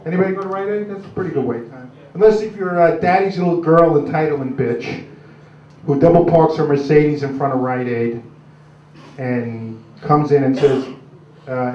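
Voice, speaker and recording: A crude stand-up comic in his 60s rambles gruffly on a club stage, filling gaps with many "uh"s. His mid-range voice moves a little fast. Captured in a roomy, distant, dull club recording.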